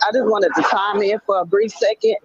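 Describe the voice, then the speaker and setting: A woman calling into an online panel from work, speaking in a hesitant, halting way with many fillers. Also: medium pitch, steady tone, a crowd in the background. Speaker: panel caller. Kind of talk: casual panel talk. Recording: dull lo-fi call audio.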